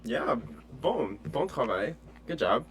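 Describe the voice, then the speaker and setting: A man teaching an online French lesson in a relaxed, chatty way with many fillers. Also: on the high side, slow pace, gravelly.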